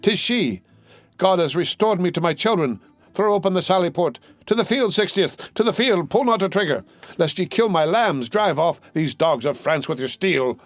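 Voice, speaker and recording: A man voicing an aged, gigantic army commander and father who shouts loud orders in an audiobook. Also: sits high, expressive, normal speed, no room sound, voice pushed up. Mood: overjoyed.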